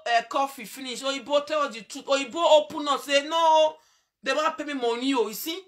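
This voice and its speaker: High, bright-voiced woman in Nigerian Pidgin. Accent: Nigerian Pidgin English. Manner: emphatic, repeats phrases, laughs and scolds, sudden loud outbursts. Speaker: online show host. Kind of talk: animated commentary monologue.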